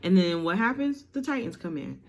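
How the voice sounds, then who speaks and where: A woman vlogger retelling a story in an animated, slangy way, cursing for laughs. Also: lowish voice, brisk.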